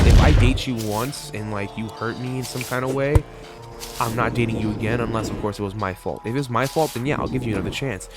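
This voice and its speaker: A young man telling a rambling, swear-filled personal story while playing a video game. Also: medium pitch. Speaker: gaming channel host. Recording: loud background music.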